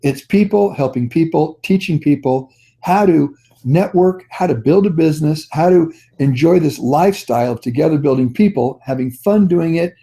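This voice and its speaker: On a conference call, a man runs a motivational network marketing training, telling stories with folksy, upbeat encouragement. His voice is fairly high pitched and mellow.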